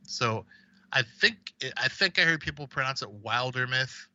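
A man's voice: mid-range voice, expressive, normal speed, sharp tone, highs cut off. A man co-hosting a podcast, chatting casually about video games in a rambling way with restarts. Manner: rambling, with many fillers and restarts. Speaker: podcast co-host.

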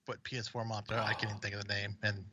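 A man co-hosting a gaming podcast in casual chat, low-key, trailing off quietly. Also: little pitch movement, racing. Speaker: podcast co-host.

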